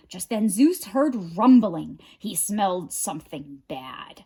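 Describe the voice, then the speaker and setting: A woman librarian reading a picture book aloud with expressive, dramatic narration. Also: mid-range voice, slow, slightly rough. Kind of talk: storybook read-aloud.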